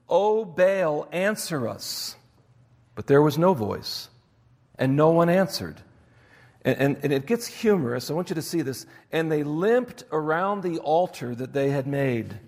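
A man delivers an expository sermon, reading scripture aloud and pressing home each point. His voice sits a little high for a man. A long reverb trails his words through a large church hall. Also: a little mellow. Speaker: pastor.

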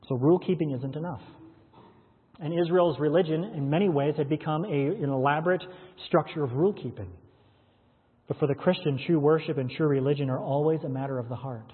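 A male pastor preaches through a run of scripture verses, pausing to ask his listeners pointed questions. His voice sits a little high and sounds husky. The recording is thin and phone-like, with a long echo from a large hall. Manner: expository preaching, quoting and explaining scripture with rhetorical questions. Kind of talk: sermon.

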